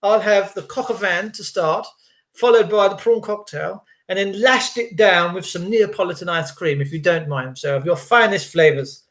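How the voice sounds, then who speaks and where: A man's voice: high voice, moderate pace, a bit bright. A man putting on a posh lady diner. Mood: mock posh. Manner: mock-grand, fussy ordering.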